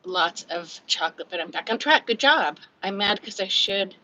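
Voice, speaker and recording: A Californian woman in her fifties hosts a casual livestream chat from home, candid and chatty, reading comments aloud and laughing often while sounding out of breath. Her medium-pitched voice is lively, pushed, and bright at normal speed, on lo-fi audio.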